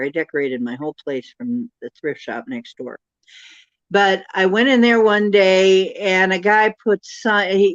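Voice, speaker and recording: Woman, casual storytelling, animated quoted voices, dry close sound, muffled lo-fi. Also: no room sound. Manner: animated, acts out quoted dialogue with rising pitch. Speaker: host. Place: outdoors at night. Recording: dull lo-fi sound.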